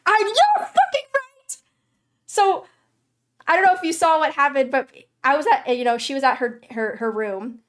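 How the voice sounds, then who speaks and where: A woman's voice: high voice, animated, brisk. Woman streamer reading a story game aloud. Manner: dramatic reading with loud swearing outbursts.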